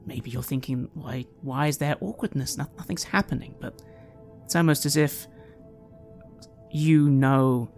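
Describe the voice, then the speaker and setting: Gravelly guy running a tabletop game, halting narration, faint music underneath. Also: mid-range voice. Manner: halting, hesitant narration with restarts. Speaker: game master.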